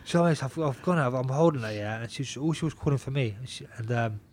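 This young guest is a pro boxer and a fast talker, recounting a story on a podcast with swearing in almost every line. His mid-pitched male voice stays animated and full of laughter as he repeats himself and keeps the casual telling lively.

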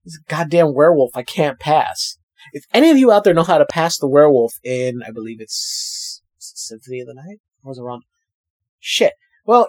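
A man's voice: mid-range voice, a little mellow, no echo. A man co-hosting a casual chat, laid-back, laughing often and swearing casually. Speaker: podcast co-host.

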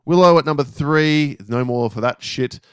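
On the high side, clear and resonant with a fairly bright tone, this man co-hosts a podcast at normal speed. The casual chat is wry and full of laughter, and the clean studio recording has no room sound.

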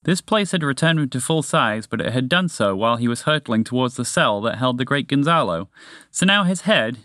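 A man reading a children's story aloud in a lively, expressive way. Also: mid-range voice, brisk, no echo, studio quality.

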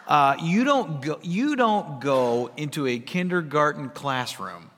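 A man preaching a sermon as pastor, swinging between hushed asides and loud emphatic lines, with humor. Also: on the high side, very animated, unhurried. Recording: long reverb of a large hall.

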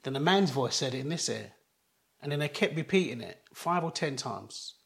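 A middle-aged man, a guest in an interview, telling a personal story in an earnest, halting way with many restarts. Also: mid-range voice, lively intonation, vocal fry, a bit bright.

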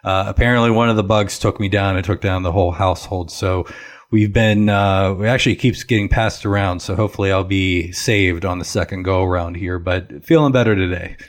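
Deep-voiced man explaining finances casually. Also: fairly even intonation, a little fast. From Northeast Ohio. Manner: conversational, explanatory, many fillers. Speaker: financial advisor, podcast host. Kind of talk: casual podcast chat.

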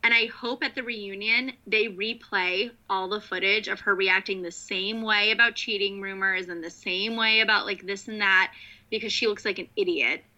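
Blunt opinionated woman ranting about reality tv, super bright sharp voice, muffled lo-fi sound. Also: mid-range voice, steady tone, moderate pace. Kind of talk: casual reality TV recap chat.

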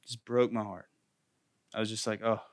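A man's voice: on the low side, flat delivery, normal speed, no echo. Earnest man teaching parents, dry sound. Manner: earnest, repeats phrases for emphasis. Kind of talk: earnest faith-based parenting talk.

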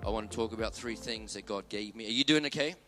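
A man preaching a sermon as pastor, emphatic, repeating key phrases and dropping low and quiet on his main points. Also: fast talker, over music.

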